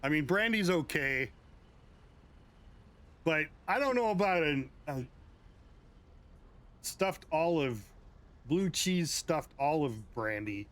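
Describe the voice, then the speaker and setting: A man's voice: fairly high pitch, expressive, slow pace, pauses often, fairly bright tone. A man from the United States, a game streamer casually chatting and reacting to his viewers' comments with chuckles and asides. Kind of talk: casual chat with live viewers.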